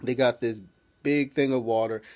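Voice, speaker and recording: A man's voice: mid-range voice, fairly even intonation, moderate pace, a little mellow. Rambling man with lots of filler. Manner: rambling, filler-heavy, swears freely. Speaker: TV episode reviewer. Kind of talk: casual spoken recap.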